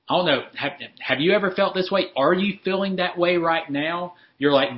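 A man's voice: sits high, normal speed, hardly any pauses, highs cut off. A man preaching a sermon in an earnest way, often repeating words as he restarts and lifting his voice when he acts out a prayer. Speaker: pastor.

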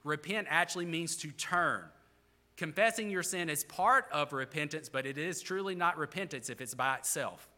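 Brief: male pastor, earnest sermon delivery, slightly high and bright. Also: moderate pace, big-room sound. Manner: earnest, explanatory preaching.

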